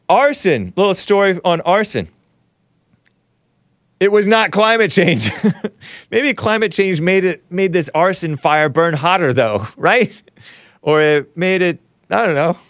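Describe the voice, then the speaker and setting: A male talk show host riffing casually on a livestream, reading chat comments, laughing often and jumping up in pitch when mock-surprised. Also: fairly bright tone, no room sound.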